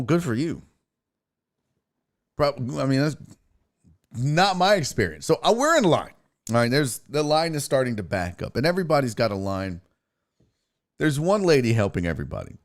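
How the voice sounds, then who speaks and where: A man hosting his own show, telling a story in a profane, ranting casual style. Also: medium pitch. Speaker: sports show host.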